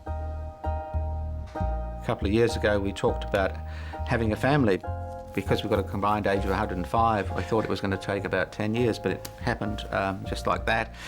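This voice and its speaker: A man's voice: on the low side, steady tone, normal speed, over music. A middle-aged man telling his life story in an interview, reflective and hesitant, with many fillers and frequent chuckles. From New Zealand. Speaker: interview guest.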